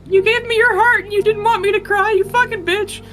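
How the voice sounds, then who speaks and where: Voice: very high voice, steady tone, fairly quick, a bit bright, soft background music, voice pushed up. Queen Marceline, a sobbing queen. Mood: sobbing fury. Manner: sobbing, cursing through tears. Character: grieving queen sobbing with furious love.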